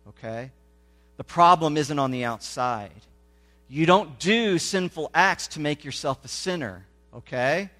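A man delivering a sermon with a fairly high voice. He keeps checking that his listeners are following and swings between loud emphasis and quiet asides. Faint music plays beneath him. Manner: conversational, checks in with the congregation. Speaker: pastor.

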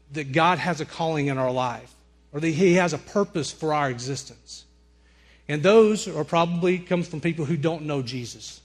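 A young man from Alabama with a Southern accent, preaching a sermon through a lively personal story, acting out his own screams and dialogue. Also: a little high.

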